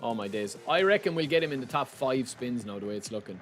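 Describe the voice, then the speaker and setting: A young Irish man streaming a game, chatty and excitable, talking to his chat as "lads" and saying he is sleep-deprived. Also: mid-range voice, fast, few pauses, faint music behind. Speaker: gaming streamer. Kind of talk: live stream chat while opening game packs.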